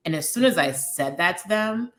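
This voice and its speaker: A woman's voice: lowish voice, normal speed. A Liberian American woman in her thirties, a guest candidly telling her personal story, acting out quoted dialogue. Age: 30s. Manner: open, frank, animated retelling with quoted dialogue.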